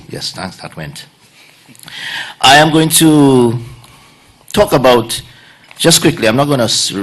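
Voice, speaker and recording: A man's voice: lowish voice, a bit bright. A middle-aged man, a surgeon giving a conference talk in a loose, anecdotal way and quizzing the audience. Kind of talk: conference presentation.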